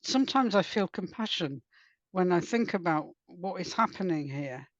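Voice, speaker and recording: A woman from Wales, an author and poet speaking softly in a podcast interview and reading her poems slowly. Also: lowish voice, expressive, dry recording. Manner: soft, unhurried, lyrical reading. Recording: dull lo-fi dry sound.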